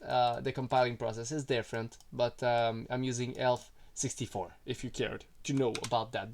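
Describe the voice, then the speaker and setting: A programming tutorial creator gives a casual, rambling walkthrough in a screen-recorded coding video, packed with fillers and self-deprecating asides. His voice is fairly high with a darkish tone.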